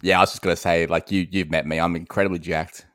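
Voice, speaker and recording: A man's voice: low-pitched, little pitch movement, quick pace, fairly bright tone, no echo, studio quality. An Australian man hosting a casual film podcast, ranting animatedly and breaking into laughs. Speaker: podcast host.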